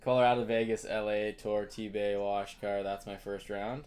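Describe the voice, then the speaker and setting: A man's voice: on the low side, flat delivery, normal speed, a little mellow. A young Canadian man hosting a live card break stream, chatting casually and greeting viewers by name.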